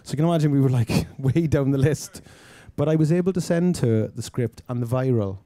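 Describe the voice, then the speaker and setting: Fast-talking, dark-voiced man from Wales. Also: medium pitch, dry recording. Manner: animated storyteller who acts out quoted dialogue. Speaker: film writer-director, guest. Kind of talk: anecdotal interview storytelling.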